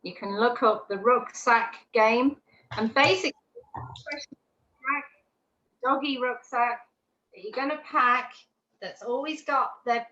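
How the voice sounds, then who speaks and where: Woman instructor, lively teaching manner, recorded over a roomy, muffled video call with faint hiss. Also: a little high. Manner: chatty, animated, checks in with "yeah?". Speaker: dog training instructor. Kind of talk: online class teaching. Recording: roomy, dull lo-fi call audio with faint noise.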